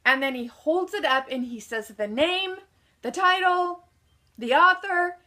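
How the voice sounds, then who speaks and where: A lively woman motivational speaker recounts a personal story with a bright, forceful voice that sits a little high. She acts out what people said and puts questions to the audience, then answers them herself. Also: measured pace.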